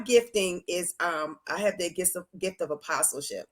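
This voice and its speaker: A woman's voice: on the low side, moderate pace. A woman hosting a podcast interview, reacting with enthusiastic affirmations. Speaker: podcast host. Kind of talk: casual interview chat.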